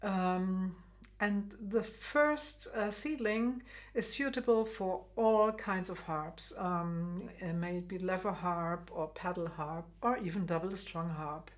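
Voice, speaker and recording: A woman from Germany with a German accent, a harp teacher giving a gentle video lesson with many pauses and fillers. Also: on the low side. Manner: gentle, unhurried, many ums, laughs lightly. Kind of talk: video lesson with guided relaxation.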